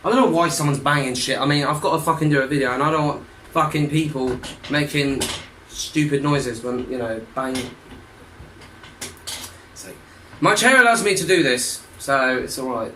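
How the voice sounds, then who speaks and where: A young man hosting a casual reaction video at home, swearing a lot with sudden loud outbursts. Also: medium pitch, normal speed, a little hiss or hum, rough recording. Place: room at home, wearing a hat.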